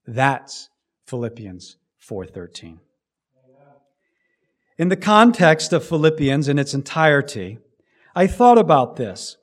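Man, preacher, sermon, unhurried delivery, slightly high voice, emphatic swings in loudness. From United States. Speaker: pastor.

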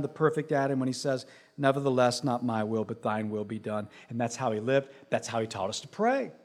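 A man preaching a sermon, dropping to a hushed low voice and then building to loud, rising emphasis, with repeated phrases stacked for effect. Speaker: pastor.

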